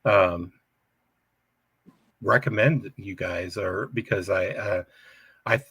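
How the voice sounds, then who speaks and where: A man hosts a casual live chat about his hobby, his husky voice coming through dry and close. He talks in stop-start bursts, repeating words as he finds his thought. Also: deep voice, a bit bright, no echo. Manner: halting, many restarts and fillers. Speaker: livestream host.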